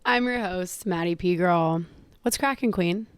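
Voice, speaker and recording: A young woman hosting a casual solo podcast, sassy and profane, laughing often and calling her listeners girl and queen. She is tired and a little hoarse. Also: lowish voice, a little slow, no echo. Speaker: podcast host.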